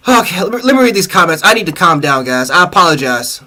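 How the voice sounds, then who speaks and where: A man's voice: high voice, big pitch swings, brisk, sharp tone. A man hosting a sports livestream, venting in an angry, profane fan reaction rant and repeating himself.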